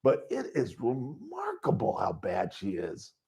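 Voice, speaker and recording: Loud, rambling sports radio man. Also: medium pitch, measured pace, gravelly. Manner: loud, rambling, animated storytelling. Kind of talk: call-in sports talk. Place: radio studio.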